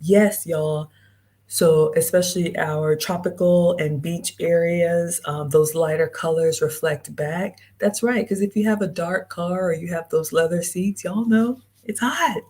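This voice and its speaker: A woman's voice: lowish voice, a little slow, darkish tone. A woman hosting a live-streamed travel vlog, chatting straight to her viewers and reading out their comments. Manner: chatty, talks straight to viewers and reads out chat. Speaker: host.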